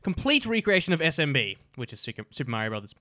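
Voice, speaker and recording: A man's voice: on the high side, very animated, quick pace, pushed and bright, dry recording, studio quality. A man giving casual, crude and jokey gameplay commentary as host of his gaming videos.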